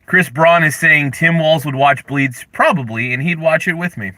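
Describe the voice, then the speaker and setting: A young man hosting a casual livestream, ranting in mock anger and chatting with viewers, with sudden loud outbursts. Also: fairly high pitch, normal speed, no echo. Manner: animated, mock-angry rants with sudden yelled bursts. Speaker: livestream host.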